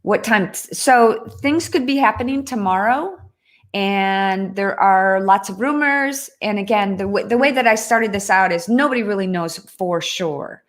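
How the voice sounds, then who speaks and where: Speaking at a measured pace with a medium-pitched voice, a woman hosts a casual livestream. She chats earnestly, reads out viewer comments, and often breaks off to start over.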